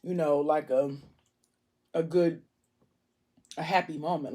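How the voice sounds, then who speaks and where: A woman's voice: sits low, fairly even intonation, slow pace, dark tone. A woman book vlogger in casual chat, retelling scenes in a chatty way with lots of "like"s.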